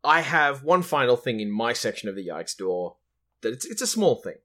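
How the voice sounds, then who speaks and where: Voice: mid-range voice, sing-song, moderate pace, a bit bright. A podcast co-host in a casual movie review chat, hesitant with many fillers and restarts, making dry remarks.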